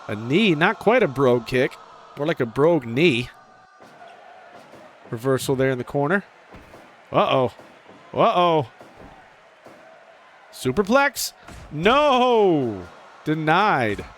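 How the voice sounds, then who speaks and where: A man giving casual play-by-play commentary over a video game wrestling match, excitable, jumping up in pitch on the big moves. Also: a little slow, long pauses, a little hiss or hum.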